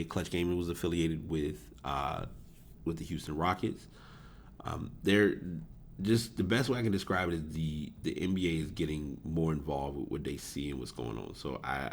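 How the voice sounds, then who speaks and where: Podcast host, male, very low voice, rambling casual delivery, faint hiss behind. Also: a little mellow. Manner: rambling, self-correcting, chuckles at himself. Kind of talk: casual solo podcast talk about esports. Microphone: desk USB microphone.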